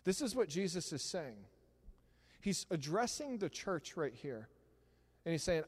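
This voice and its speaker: A middle-aged man preaching a sermon in a church, talking conversationally with animated asides. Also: fairly high pitch, measured pace, pauses often, slightly rough. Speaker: pastor. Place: church sanctuary. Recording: long hall reverb.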